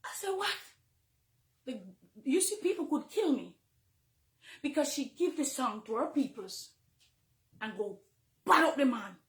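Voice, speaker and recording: A middle-aged woman with a Jamaican accent, a minister giving an emotional, confessional testimony from the pulpit, moving between hushed and fervent. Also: high-pitched, animated, unhurried, long pauses, roomy sound. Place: church, near the pulpit.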